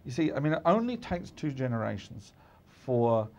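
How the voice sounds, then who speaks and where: A middle-aged man with a New Zealand accent giving measured, emphatic political commentary in a studio discussion, often restarting phrases. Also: medium pitch, big pitch swings, darkish tone.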